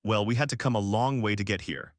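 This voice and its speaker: A man's voice: fairly low pitch, fairly quick, no echo, natural voice. A man voicing a sneering fire demon. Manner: mocking, sneering.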